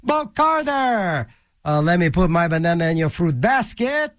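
A man's voice: high voice, very animated, unhurried, fairly bright tone, no echo. A man hosting a college radio show, rambling through goofy jokes and asides between songs in a small studio. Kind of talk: casual radio DJ patter. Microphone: studio mic.

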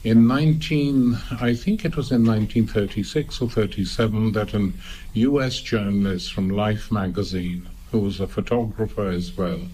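An older man from Pakistan giving a public lecture in a slow, measured, digressive way. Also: on the low side, mellow, poor audio.

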